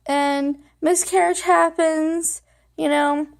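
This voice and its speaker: Young woman vlogger, high voice with vocal fry; rambling and emotional, fighting back tears. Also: steady tone, takes it slowly. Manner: rambling, many fillers like "like" and "you know". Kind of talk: personal storytelling to camera.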